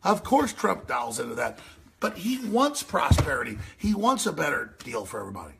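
Gravelly ranting male radio host. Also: a little high, normal speed, noisy background. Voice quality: gravelly, raspy. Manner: excitable, yelling, mocking impressions. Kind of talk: ranting commentary over clips.

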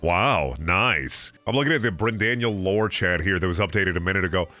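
Young male streamer, lively swinging pitch, bright tone; brash game commentary, lots of swearing. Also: moderate pace, faint music behind. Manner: loud, swearing, jumps into silly voices. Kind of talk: casual gameplay commentary.

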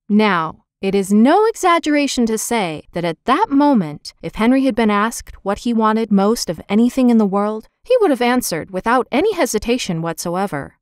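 A woman narrating a children's storybook in a lively, expressive reading, voicing the characters' lines. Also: fairly high pitch, moderate pace, few pauses, clear, resonant tone, no room sound, clean studio sound. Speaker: audiobook narrator.

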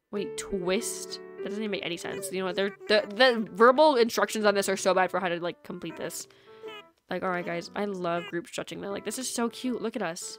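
A young woman streaming a game, chatting casually and giggling, with lots of "like" fillers, on a USB microphone at home. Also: medium pitch. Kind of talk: casual stream chat while gaming. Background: soft lofi music.

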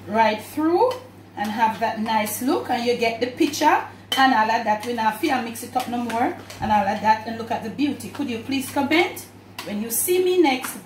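This home cook speaks with a Jamaican accent in a rather high voice, walking her viewers through a recipe as warmly as if they were relatives. Pans and dishes clatter behind her, with a little background noise, and the far-off mic picks up plenty of kitchen echo.

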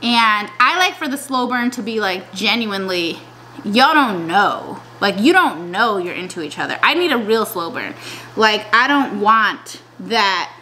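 A young woman chatting casually in a vlog, slangy and animated, often trailing off and restarting. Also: fairly high pitch, moderate pace, slight background noise. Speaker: vlogger. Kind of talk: casual chat.

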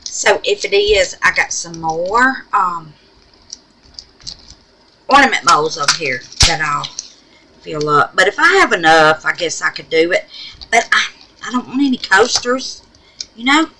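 A woman's voice: on the low side, lively intonation, measured pace, pauses often, bright, forceful tone, slight background noise, low-quality recording. A woman with a Southern US accent hosting a resin craft tutorial at home, folksy and chatty, calling viewers babies and honey as she works. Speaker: resin craft channel host.

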